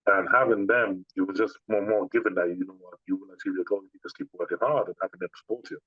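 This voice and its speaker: In this interview, a bodybuilder guest speaks fast in a deep, husky voice, casually telling stories with lots of restarts. The recording is dull and has no room sound.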